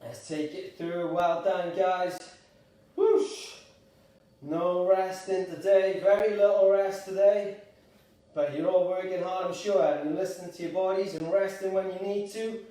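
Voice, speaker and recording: A man coaches a gentle workout class with upbeat, encouraging energy, a little out of breath. His voice is fairly high and mellow. He sounds set back from the mic in a strongly echoing room. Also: steady tone, normal speed, distant mic. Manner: upbeat, encouraging, calls out participants by name. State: slightly out of breath. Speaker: exercise instructor. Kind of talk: live online exercise class. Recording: echoey room, voice away from the mic.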